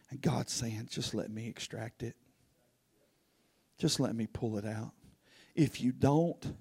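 A man preaching a sermon, telling a folksy story that swings from loud to hushed. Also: mid-range voice. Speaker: pastor.

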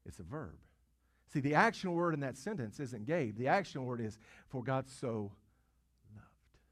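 A man's voice: mid-range voice, sing-song, moderate pace, fairly bright tone. A man preaching a sermon. He asks the congregation questions, repeats words as he goes, and swells to emphatic peaks. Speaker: pastor.

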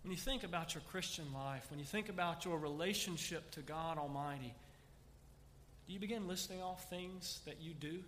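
A man's voice: fairly high pitch, moderate pace, a bit bright, long reverb tail, a little hiss or hum. A man preaching a sermon, emphatic and full of rhetorical questions. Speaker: pastor.

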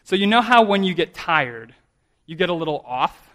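Guy in his 30s preaching, kinda high voice, casual and self-deprecating, keeps restarting lines. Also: very animated, moderate pace, fairly bright tone. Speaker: pastor. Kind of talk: sermon.

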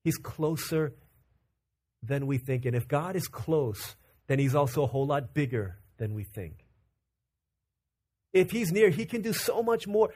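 A man from Virginia preaching a conversational, animated sermon as pastor. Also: fairly high pitch, breathy edge. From Virginia, USA. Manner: conversational and animated, acting out quick character quotes.

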